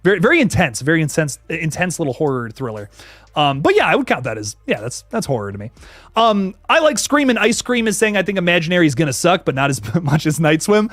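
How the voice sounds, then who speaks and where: A young man hosting a casual horror livestream, slangy and animated, thanking viewers by name as he reads the chat. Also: a little high, fast, dry recording. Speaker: horror channel host reading live chat.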